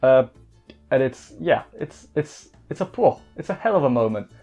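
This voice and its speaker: A man casually reviewing an anime episode in an excitable, rambling way, often restarting his sentences. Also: medium pitch, moderate pace. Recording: slightly muffled with faint background music.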